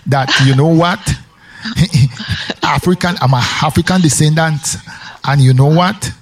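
A man's voice: a little high, unhurried. A man with a Jamaican accent chatting casually on the radio, rambling and emphatic with many repetitions. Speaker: radio host.

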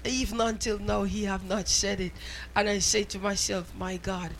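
Gravelly woman preaching, half-singing. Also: medium pitch, moderate pace, a bit bright, slight background noise. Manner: emotional, half-sung rising cries. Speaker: preacher giving testimony. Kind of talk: impassioned sermon testimony.

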